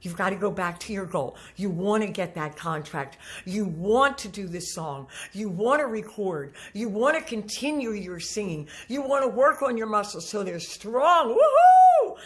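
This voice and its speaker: A woman's voice: medium pitch, animated, unhurried, a bit bright. A middle-aged woman singing teacher giving a motivational talk to camera, earnest and coaching, often repeating herself.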